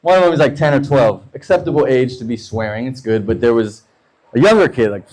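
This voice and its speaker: A man in his thirties from the United States doing a stand-up set, telling loose, profane stories and slipping into quick voices for the people in them. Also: medium pitch, expressive, darkish tone, rough recording. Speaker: stand-up comedian.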